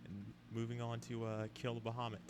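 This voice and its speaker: A man's voice: mid-range voice, level tone, brisk, background noise. Laughing, chatty male game streamer. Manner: laughs often, chatty, talks to chat. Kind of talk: casual live-stream chat.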